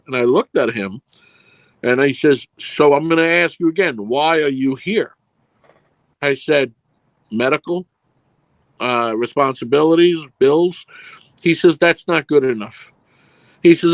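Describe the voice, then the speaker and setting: This middle-aged man, a film producer, is interviewed and spins long, meandering stories, voicing the characters' dialogue himself. He has a mid-range voice at normal speed, captured in a dry recording.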